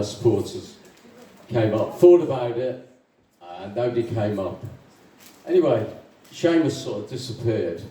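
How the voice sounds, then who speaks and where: A man doing open mic stand-up, telling jokes haltingly with many ums and chuckling at his own punchlines. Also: medium pitch, warm tone. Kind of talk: rambling stand-up joke telling. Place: small comedy club stage. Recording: echoey club room, distant mic, faint noise.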